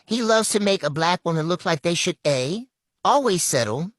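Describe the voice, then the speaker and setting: Emphatic woman with a lively low voice. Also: moderate pace, no echo. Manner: emphatic, critical, repeats for stress. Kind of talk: opinion commentary.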